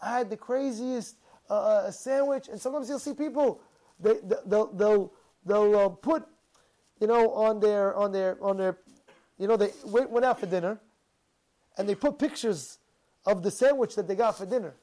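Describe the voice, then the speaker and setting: A man's voice: high-pitched, moderate pace, pauses often. A man giving an informal religious talk. He asks many rhetorical questions and often repeats and restarts his words. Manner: animated, full of rhetorical questions. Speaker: religious speaker.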